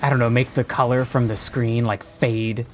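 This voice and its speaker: A man's voice: medium pitch, normal speed, a little hiss or hum. Laid-back male streamer. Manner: relaxed, many "like" fillers. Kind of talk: casual gameplay chat.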